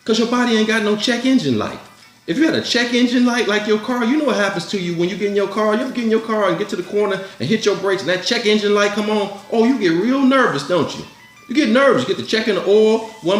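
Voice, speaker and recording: A man with a high, expressive voice talks fast while hosting his own commentary, delivering a blunt, preachy motivational monologue that keeps repeating its urgings. The room is echoey, with faint music playing.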